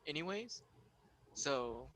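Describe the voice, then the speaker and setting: A young man co-hosting a casual movie chat, eager and quick to agree. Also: fairly high pitch, big pitch swings, bright, forceful tone. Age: young adult. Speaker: podcast co-host.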